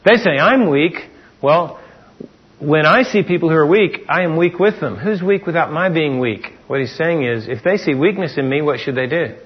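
A middle-aged man preaches in an easy, talky way, asking his listeners question after question. His voice sits a little high for a man and has a husky edge. The recording is dull and lo-fi. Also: moderate pace. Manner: conversational preaching with rhetorical questions and acted-out quotes. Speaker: pastor. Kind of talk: sermon.

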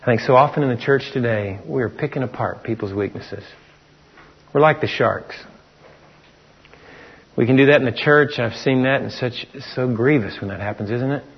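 Husky-voiced man preaching a conversational sermon. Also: medium pitch, moderate pace. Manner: conversational preaching with rhetorical questions and acted-out quotes. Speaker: pastor. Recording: dull lo-fi sermon recording.

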